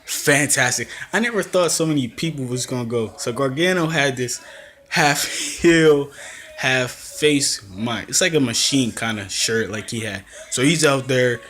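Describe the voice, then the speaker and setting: A young man casually recapping a wrestling event, telling it in an animated way and acting out quotes. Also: medium pitch, a little slow. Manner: animated storytelling with acted-out quotes and laughs. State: coughing, throat acting up. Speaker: wrestling reviewer.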